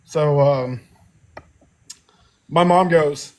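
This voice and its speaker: Speaking at a moderate pace with a high-pitched voice, a young man co-hosting a laid-back podcast animatedly recounts a family story, doing voices and laughing frequently.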